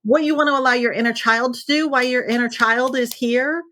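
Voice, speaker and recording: A woman in her fifties speaks as a guest in casual conversation. Her voice sits a little high and she talks with emphatic, animated conviction, like a life coach. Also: fairly quick. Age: 50s.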